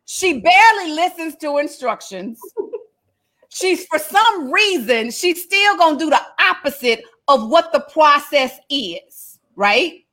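A woman telling a funny family story in a casual, animated way, often laughing and acting out what people said. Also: high voice, slow pace. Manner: animated, laughing, acts out dialogue.

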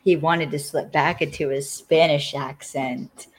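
Low-voiced woman chatting casually. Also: steady tone, a little slow, a little hiss or hum. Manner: chatty, laughs often, trails off mid-sentence. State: tired. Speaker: podcast host. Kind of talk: casual chat recapping a TV episode.

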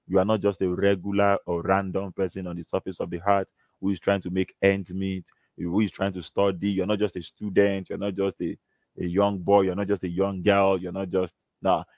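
A man's voice: low-pitched, no room sound. A man preaching a sermon, earnest and emphatic, reading and quoting scripture. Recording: dull, slightly lo-fi.

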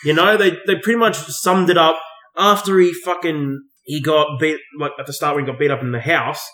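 A man's voice: fairly high pitch, fairly even intonation, a little fast, bright, forceful tone. An Australian man co-hosting a podcast in casual banter, swearing freely and laughing often. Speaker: podcast co-host. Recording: roomy echo.

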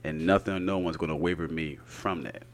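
A man's voice: rumbling low, fairly even intonation, fairly quick. Laid-back man in casual podcast chat. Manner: laid-back, often trailing off with "you know what I mean". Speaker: podcast co-host.

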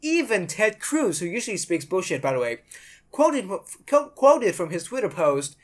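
A woman's voice: medium pitch, very animated, normal speed. A woman hosting a podcast, giving blunt, sarcastic commentary and swearing freely. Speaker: podcast host.

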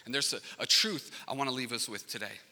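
A man preaching a sermon as pastor, telling a family story with lively acted-out voices and swinging between loud bursts and hushed passages. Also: medium pitch, quick pace. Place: large church auditorium. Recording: long reverb of a big hall.

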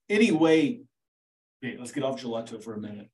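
A man's voice: medium pitch, big pitch swings, a little fast, darkish tone, recorded from a distance, low-quality recording. A man, a teacher, explaining history in a casual, rambling monologue, peppered with "right?" and "okay". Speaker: teacher hosting a history podcast.

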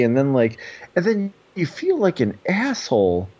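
A man's voice: mid-range voice, wildly swooping pitch, normal speed, darkish tone, husky. A man in his thirties rambling in casual podcast chat, full of fillers and swearing. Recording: dull lo-fi recording.

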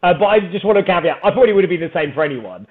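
A man, a podcast guest, telling a story in a casual, animated, self-mocking way and laughing often. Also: high voice, racing. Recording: phone-like narrow band.

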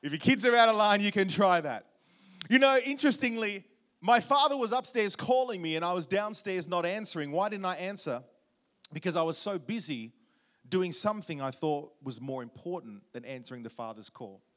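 A man preaching a sermon, warm storytelling with jokes and questions to the congregation. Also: high-pitched, expressive, brisk. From Australia. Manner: humorous, audience-engaging storytelling. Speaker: guest preacher.

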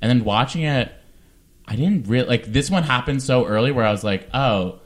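A man hosting a casual chat, animated and chatty with quick asides. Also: medium pitch. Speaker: podcast host.

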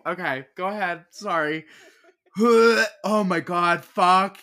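Podcast guest, casual chat, slow pace, blurted reactions. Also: medium pitch, pushed and bright. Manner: reacting with disgust and laughter.

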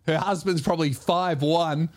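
Teasing podcast host, fairly high. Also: male voice, steady tone, moderate pace. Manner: rambling storyteller, swears freely, dry teasing. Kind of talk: casual comedic chat.

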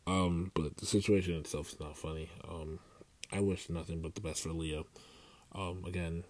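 A man's voice: low voice, steady tone, moderate pace, a little mellow. A young man rambling through a casual solo podcast, with many fillers and restarts. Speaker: podcast host.

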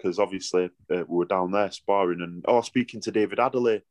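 A middle-aged Yorkshire man, a boxer, talks through his stories in a relaxed interview. His voice sits a little low, and the recording is close and dry. He rambles in broad dialect and keeps restarting his sentences. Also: brisk, no echo. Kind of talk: casual interview storytelling.

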